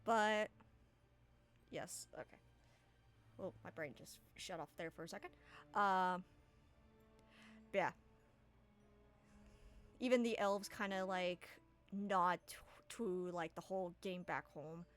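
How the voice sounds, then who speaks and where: A woman's voice: lowish voice, takes it slowly, pauses often, soft background music. A woman game master narrating a tabletop game in a casual, rambling way with many fillers.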